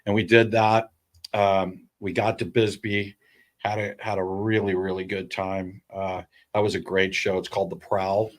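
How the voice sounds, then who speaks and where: A man as a podcast guest, chatting casually and telling animated stories. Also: low voice, a little slow. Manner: animated, chatty storyteller with restarts. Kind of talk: casual chat, storytelling.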